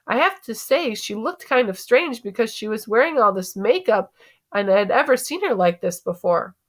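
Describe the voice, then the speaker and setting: A woman's voice: fairly high pitch, expressive. A woman reading a breathless teenage girl. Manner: hurried, slightly breathless delivery. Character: teenage girl actress, breathless after her show.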